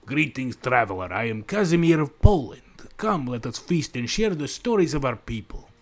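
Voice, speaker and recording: A man's voice: medium pitch, very animated, moderate pace, close to an everyday voice. A man voicing a hospitable, stately king who greets a traveler with a theatrical, vaguely foreign accent. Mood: grand welcome.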